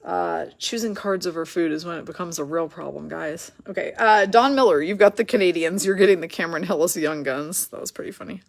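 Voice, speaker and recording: Gravelly-voiced woman hosting a card break. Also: lowish voice. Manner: chatty, quick rundown of names and teams, laughs at herself. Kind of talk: live card break commentary.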